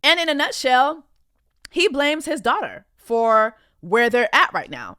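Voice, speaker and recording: A woman's voice: high voice, sing-song, measured pace, sharp tone, smooth, no echo, clean studio sound. A woman podcast host giving blunt, indignant reaction commentary on a reality show clip in a casual, conversational way.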